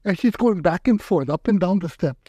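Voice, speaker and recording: Older male aikido teacher, animated anecdotes, dull dry recording. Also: sits high, brisk, no echo. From Hawaii. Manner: animated, acts out quotes in raised voice. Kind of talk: casual storytelling interview.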